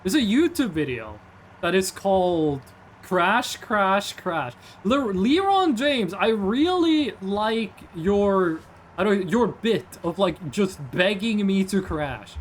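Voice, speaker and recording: A man's voice: high-pitched, very animated, takes it slowly, slight background noise. A man in his twenties streaming a game, rambling casually, reading chat aloud and tossing in jokey asides.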